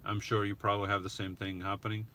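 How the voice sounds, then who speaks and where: A man answering viewers' questions in a casual live stream, talking haltingly with restarts and soft chuckles. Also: fairly low pitch, flat delivery, slight background noise.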